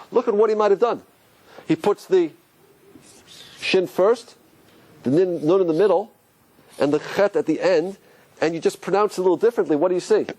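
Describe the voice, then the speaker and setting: A man teaching a religious class as a rabbi, asking his listeners questions and swinging his voice up and down as he explains. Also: rough recording. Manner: animated, asks the audience questions, pitch swings up and down. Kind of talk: lively classroom lecture.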